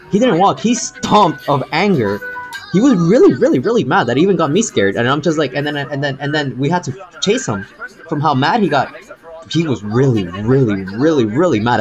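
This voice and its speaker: Brief: casual male streamer, mid pitch, rambles and repeats himself, crowd chatter behind. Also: low-quality recording. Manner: rambling, repeats words, says bro a lot. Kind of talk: casual storytelling.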